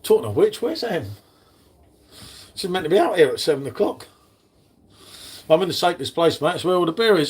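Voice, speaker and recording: A man's voice: fairly high pitch, very animated, a little fast, pauses often, slightly rough. A man hosting a casual live stream, chatting with viewers in the chat by name. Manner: chatty, matey, talks to chat readers by name.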